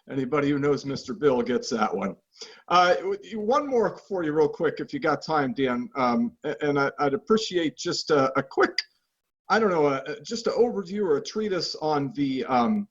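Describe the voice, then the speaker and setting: A man acting as interviewer, feeling his way through his questions with many fillers. His voice is somewhat husky and moves lively up and down. The recording sounds dull and lo-fi. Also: fairly high pitch. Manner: halting, lots of fillers. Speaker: interviewer, scholastic chess coach.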